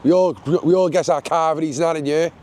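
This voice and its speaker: A man's voice: a little high, fairly even intonation, fast, a little mellow, a little hiss or hum. A man with a Cardiff accent, hosting a vlog of casual street interviews outdoors and calling everyone mate. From Cardiff, Wales. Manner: chatty, laughing, calls everyone mate. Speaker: vlogger host. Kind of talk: street interviews while walking. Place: outdoors on a housing estate.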